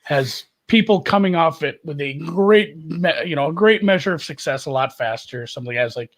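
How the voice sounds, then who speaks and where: Upbeat higher-voiced guy joking about golf bets, teasing. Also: normal speed. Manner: lively, joking, self-deprecating. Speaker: golf betting analyst. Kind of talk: casual podcast chat.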